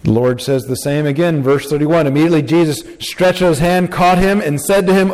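A man preaching a sermon, animated and acting out the quotes he reads. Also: fairly quick, hardly any pauses. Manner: animated, acting out quotes with big pitch jumps. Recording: long hall reverb.

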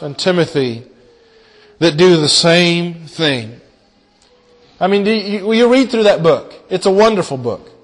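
Guy preaching a sermon, high voice, gets loud then drops to a hush, repeats lines for effect, church hall reverb. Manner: dramatic, swinging from loud to hushed, repeats phrases for emphasis.

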